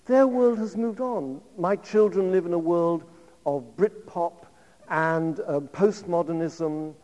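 A man's voice: high-pitched, takes it slowly, mellow, big-room sound. A man in his fifties giving a public lecture, telling anecdotes in a conversational way with asides to the audience.

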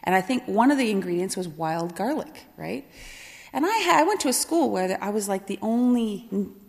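A woman telling her life story to an audience, lively and often laughing as she acts out quoted voices. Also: mid-range voice, fairly quick, vocal fry. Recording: long hall reverb.

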